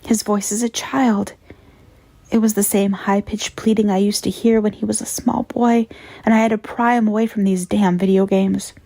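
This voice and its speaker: A woman narrating a horror story in a measured, grave tone. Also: medium pitch, level tone, warm tone, no echo.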